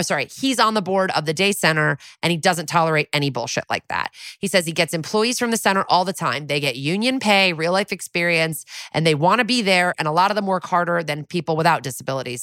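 On a clean, echo-free studio recording, a podcast co-host recaps an episode in casual chat, full of fillers and easygoing swearing. Her voice is lowish with a fairly bright tone.

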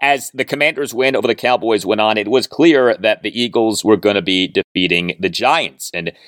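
A man in his forties hosting a sports podcast, reading listener emails and answering with brisk, dry humor. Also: lowish voice, fairly bright tone, dry recording. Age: 40s. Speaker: podcast host. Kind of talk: sports talk podcast monologue.

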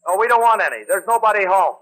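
A breezy bumbling husband. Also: male voice, high-pitched, lively intonation, fast talker, fairly bright tone, poor audio. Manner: breezy, bluffing banter. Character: breezy bumbling husband, middle-aged man. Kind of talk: 1940s radio sitcom acting. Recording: hissy old radio recording.

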